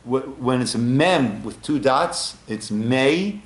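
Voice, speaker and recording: This Torah class comes from a male rabbi in a synagogue, speaking slowly at a medium pitch with a roomy sound. He teaches with energy, quoting Hebrew and asking his audience questions, many of them rhetorical.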